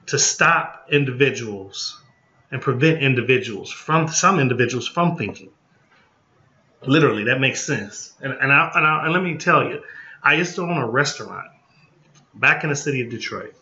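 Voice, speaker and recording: A group home licensing consultant gives an informal training talk, blunt and folksy, repeating his points and checking in with "okay?". His mid-range voice is bright and forceful, recorded in an echoey, slightly muffled room.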